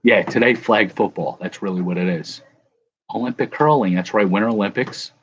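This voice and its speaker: A man's voice: on the low side, a little fast, highs cut off. A man hosting a casual live chat, rambling and correcting himself as he answers viewers. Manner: rambling, self-correcting, chuckling. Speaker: livestream host.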